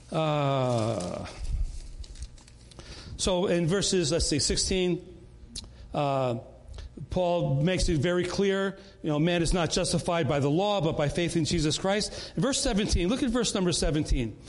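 A man's voice: high voice, lively intonation, takes it slowly, long pauses. A man leading a Bible study in an earnest, conversational way, often repeating words and restarting.

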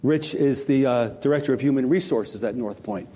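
A man's voice: mid-range voice, moderate pace, noisy background. A man leading church announcements as pastor, chatty and joking with the congregation. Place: church sanctuary. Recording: long hall reverb.

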